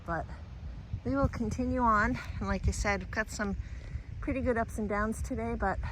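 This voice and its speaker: A woman's voice: medium pitch, a bit bright, a little hiss or hum. A woman, vlogging casually and candidly from a mountain trail into a handheld camera, sometimes catching her breath. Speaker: hiking vlogger.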